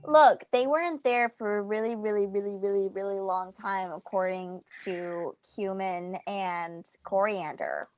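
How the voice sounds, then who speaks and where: A woman's voice: mid-range voice, a little slow, hardly any pauses. Woman rambling through a tabletop role-play scene. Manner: rambling, full of "like" and "um". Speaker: tabletop game player.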